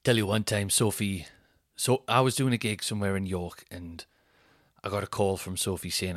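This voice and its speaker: A man in his thirties, a comedian hosting a podcast, telling a rambling, sweary, animated anecdote. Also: sits low, normal speed, no room sound, clean studio sound. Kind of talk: casual storytelling.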